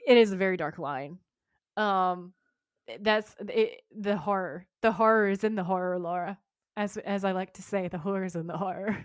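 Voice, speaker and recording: A woman's voice: medium pitch, normal speed, smooth, dry recording, clean studio sound. A woman co-hosting a podcast, animatedly retelling a TV episode in casual chat and swearing freely. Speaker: podcast co-host.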